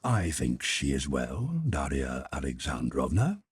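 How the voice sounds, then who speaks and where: A rigid, wounded husband speaking in clipped, formal phrases, his voice very deep and husky. A man voices him in a dry audiobook reading. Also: sing-song, measured pace, no echo, heavily acted. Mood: cold. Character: cold, stiff, wounded middle-aged husband.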